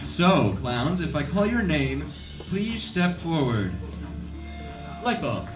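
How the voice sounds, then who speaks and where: A man's voice: a little high, big pitch swings, slow. A man hosting a live comedy show on a theater stage, playful and exaggerated, laughing often. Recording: roomy sound from far off, loud music.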